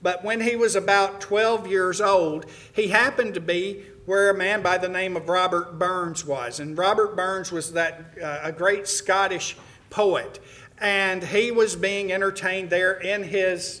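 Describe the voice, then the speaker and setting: A man's voice: high-pitched, steady tone, a little slow, sharp tone. A middle-aged man preaching to his congregation, telling a story in a folksy way with many "uh"s and restarts. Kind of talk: sermon to a congregation.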